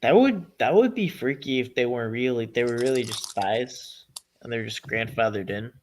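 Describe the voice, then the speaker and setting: A man's voice: mid-range voice, expressive, normal speed, a little hiss or hum. A young man from Massachusetts co-hosting a podcast in casual chat, rambling through tangents and laughing often.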